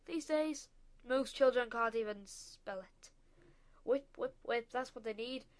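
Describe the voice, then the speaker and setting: A woman voicing a pompous, bad-tempered middle-aged male banker who rants loudly in a storybook reading. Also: fairly high pitch, fairly quick, lightly acted. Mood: ranting. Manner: loud, ranting, snapping.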